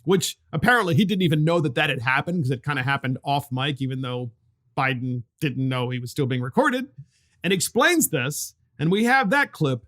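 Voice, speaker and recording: A man hosting a political podcast, talking in an animated, mocking way and laughing now and then. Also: a little high, normal speed. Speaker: podcast host. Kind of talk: opinionated political commentary.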